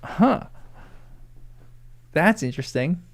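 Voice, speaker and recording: Gravelly man reading aloud with asides. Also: on the high side, very animated, slow pace. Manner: laughing asides, self-deprecating. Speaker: first-time book reader. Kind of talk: reading a novel aloud with reactions.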